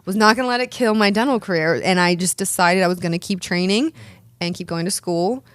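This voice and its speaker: A woman's voice: fairly low pitch, fairly quick, no room sound. A woman in her thirties telling stories in a casual interview, chatty, often restarting and repeating words. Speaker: interview guest, pro wrestler and dentist.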